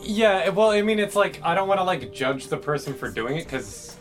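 A man's voice: high-pitched, expressive, normal speed, faint music behind. A young man in a casual podcast chat, easygoing and a little hesitant, laughing often. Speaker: podcast co-host. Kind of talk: casual chat among friends.

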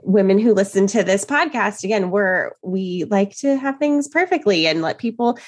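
A woman's voice: medium pitch, animated, moderate pace. A woman co-hosting a podcast, talking over ideas in a thoughtful, reflective way. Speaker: podcast co-host. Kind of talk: casual podcast chat.

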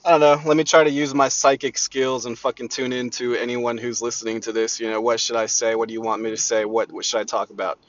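A man's voice: mid-range voice, little pitch movement, fast talker, few pauses. A man hosting a rambling solo motivational podcast, talking in a brash, profane way. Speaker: podcast host. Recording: dull lo-fi recording.

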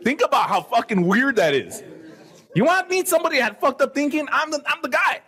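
Male motivational speaker, high voice, lively swings in pitch, blunt and foul-mouthed, live crowd in a hall. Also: fast talker. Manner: profane, blunt, animated. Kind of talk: live seminar talk to an audience. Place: seminar hall with a live audience. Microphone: handheld microphone.

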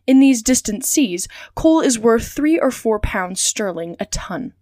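A woman hosting a story podcast, reading a classic novel aloud in a clear, steady way. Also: a little high, a little slow, no echo, studio quality.

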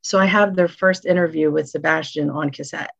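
A woman music executive, a guest on an interview show, telling animated stories and acting out what people said. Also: sits low, a little fast, gravelly. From northeastern United States. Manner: animated storyteller, acts out quotes. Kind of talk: casual interview chat. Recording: dull lo-fi audio.

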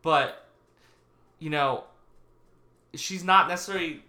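A man's voice: a little high, slow pace, sharp tone. A man co-hosting a podcast, chatting casually and rambling with restarts. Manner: rambling, restarts, laughs at own jokes. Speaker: podcast co-host. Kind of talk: casual political chat. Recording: echoey room.

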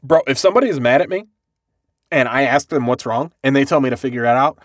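Talking fast in a mid-range, fairly bright voice, a podcast host recaps an anime with casual profanity and voices the characters' lines. He is a bald-headed joker who swears freely, and the recording has no room sound.

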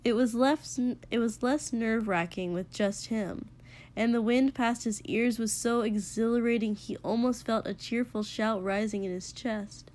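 A woman's voice: a little high, steady tone, measured pace, a little mellow. Woman reading a story aloud. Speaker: narrator. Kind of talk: reading fan fiction aloud.

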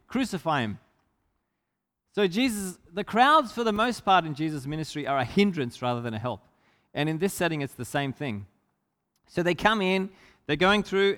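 A man preaching a sermon, retelling a Bible story with lively energy and shouting out the lines of its characters. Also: sits high, clear, resonant tone, big-room sound.

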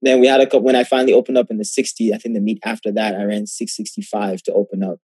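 Young male guest, husky, low voice, lively storyteller, dry sound. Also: very fast, dry recording. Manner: animated, acts out quoted exchanges. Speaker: guest athlete. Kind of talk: casual storytelling interview.

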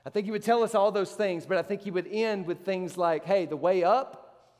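High-voiced preaching man in echoing hall. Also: a little fast, a little mellow. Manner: emphatic, rising sharply on rhetorical questions. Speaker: pastor. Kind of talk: sermon.

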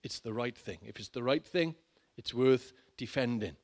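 A middle-aged man preaching a sermon, dramatic and shifting between loud urging and hushed low lines. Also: expressive, normal speed. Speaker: pastor.

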